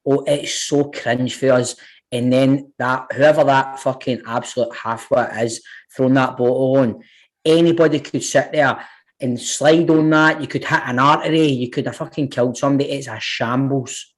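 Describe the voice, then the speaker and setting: A man's voice: medium pitch, fairly even intonation, normal speed. A man on a football podcast panel, talking bluntly and heatedly with plenty of swearing. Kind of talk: casual football podcast chat.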